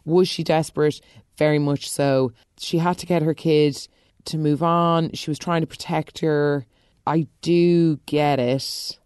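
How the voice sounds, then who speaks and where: A woman talks through a soap recap in a casual, opinionated way. Her voice sits low, with sudden high exclamations. The recording is dry and close. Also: fairly even intonation, unhurried, darkish tone, clear, resonant tone, no room sound. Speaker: soap opera recap host.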